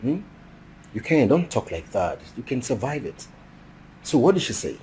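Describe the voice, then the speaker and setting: A man's voice: medium pitch, very animated, warm tone, slight background noise, close to an everyday voice, rough recording. A man, playing a friend who coaxes and reassures a heartbroken man in a film drama, repeating himself. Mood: coaxing. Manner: coaxing, repeats himself, drawn-out "eh?". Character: supportive male friend, coaxing, upbeat. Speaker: consoling friend.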